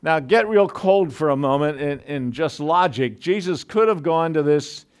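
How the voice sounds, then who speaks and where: Smooth-voiced man preaching a relaxed sermon. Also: on the high side, normal speed. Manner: conversational, with frequent asides and restarts.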